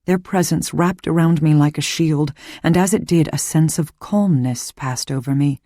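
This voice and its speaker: A woman reading a first-person suspense audiobook in a measured, calm storytelling voice. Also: low-pitched, dry recording, studio quality. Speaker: audiobook narrator.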